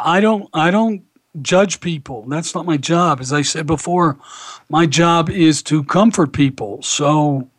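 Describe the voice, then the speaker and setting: A man hosting a radio talk show as a rabbi, telling anecdotes in a relaxed storytelling way. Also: on the high side, dry recording. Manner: warm anecdotal storyteller, animated when quoting others.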